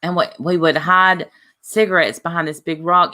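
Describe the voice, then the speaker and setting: A woman with a lowish voice hosts a livestream at a normal speed. Her talk is chatty and rambling, full of lively asides.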